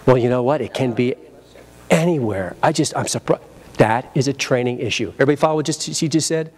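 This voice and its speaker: An energetic man teaches a sales training session in a convention seminar room. He talks at a middle pitch, acts out phone greetings and prompts his audience to repeat lines back to him. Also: brisk.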